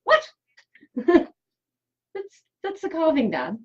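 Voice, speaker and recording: A woman's voice: high voice, wildly swooping pitch, slow pace, dull audio. A young woman co-hosting a casual live stream with her father, giggly and teasing. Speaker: co-host, host's daughter.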